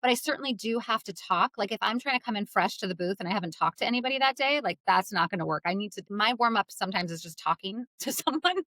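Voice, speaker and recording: A bubbly middle-aged woman talking shop as an interview guest, her voice sitting at an ordinary pitch. She laughs easily and keeps a chatty, animated flow. The recording is close and dry with no room sound. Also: fast, hardly any pauses, no echo. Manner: bubbly, laughs often, drops into low voice to demonstrate. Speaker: audiobook narrator guest. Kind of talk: casual interview chat.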